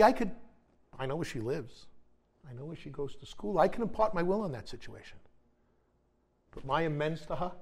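A man's voice: medium pitch, gravelly, breathy edge. A middle-aged man giving a candid personal testimony at a recovery meeting, wry and blunt, with the odd swear word. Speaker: speaker sharing at a recovery meeting.

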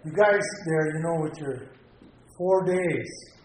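A man's voice: fairly high pitch, takes it slowly, slight background noise. Earnest man sharing at a recovery meeting. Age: middle-aged or older. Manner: heartfelt, rambling, repeats himself, rises to pleading. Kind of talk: personal recovery share. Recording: echoey meeting room with faint ambience.

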